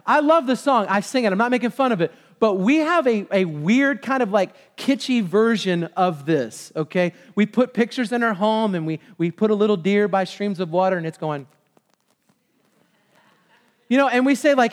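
Man, pastor, conversational animated sermon, high voice, reverberant hall. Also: normal speed. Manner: conversational, animated, acts out quotes.

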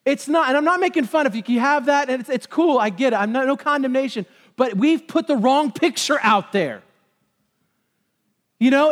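A man preaching a casual, animated sermon to his church, acting out quotes as he goes. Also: very high-pitched, moderate pace, long reverb tail. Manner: conversational, animated, acts out quotes. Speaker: pastor.

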